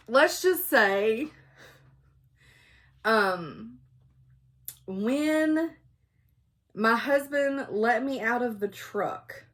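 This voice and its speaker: Lady vlogging, loud and chatty, laughs a lot, middle-aged. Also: a little high. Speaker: cross-stitch vlogger. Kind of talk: casual storytelling chat.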